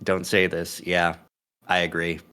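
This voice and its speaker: A man's voice: deep voice, completely flat delivery, unhurried, bright, forceful tone, clear, resonant tone. A man chatting casually on a game stream as guest co-reader, playful and rambling. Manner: playful, rambling, repeats words.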